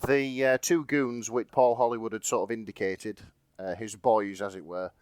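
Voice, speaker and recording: A man's voice: lowish voice, steady tone, normal speed, darkish tone, clean tone, dry recording, clean studio sound. A man co-hosting a podcast, chatting casually and laughing as he retells a fan fiction, swearing freely. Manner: laughing, swearing, rambling with fillers. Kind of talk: casual chat.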